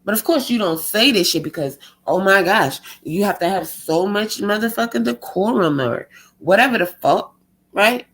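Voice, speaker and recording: A woman's voice: mid-range voice, animated, normal speed, poor audio. Woman ranting, exasperated and sarcastic. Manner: exasperated, sarcastic, heavy swearing; fires rhetorical questions, mocks others in a put-on tone. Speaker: vlogger. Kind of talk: profane monologue rant.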